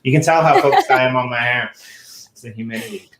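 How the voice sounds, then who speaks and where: A man's voice: mid-range voice, brisk, echoey room, very noisy. A man co-hosting a podcast in casual chat, rambling with lots of fillers and restarts, his accent a mix from years of travel. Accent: mixed, traveled. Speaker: podcast co-host.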